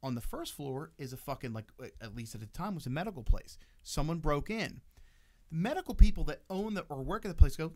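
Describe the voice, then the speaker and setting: A man telling a story on a podcast in a casual, profane, animated way. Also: a little high, quick pace. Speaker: podcast co-host.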